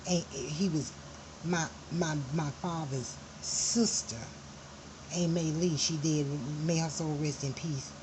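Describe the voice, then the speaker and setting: A woman's voice: low voice, fairly even intonation, slow pace, noisy background. A woman telling a family story in an angry personal monologue, profane and emphatic, flaring into heated outbursts.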